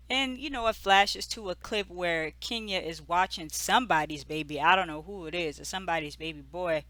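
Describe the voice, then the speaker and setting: Chatty recap host with a bright voice. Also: medium pitch, normal speed, few pauses, no echo. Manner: chatty, filler-heavy storytelling with lots of "like" and "you know"; amused, gossipy asides. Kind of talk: casual episode recap.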